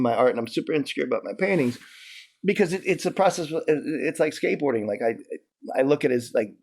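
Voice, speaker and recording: A man being interviewed, telling stories in a loose, profane, animated way, with lots of restarts and "like". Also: mid-range voice. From New York. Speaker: interview guest. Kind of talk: casual storytelling.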